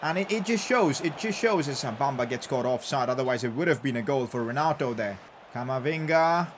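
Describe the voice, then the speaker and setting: A young man giving live commentary over his football video game session, excitable and breaking into loud cheers at the goals. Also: mid-range voice, brisk, background noise. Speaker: gaming YouTuber.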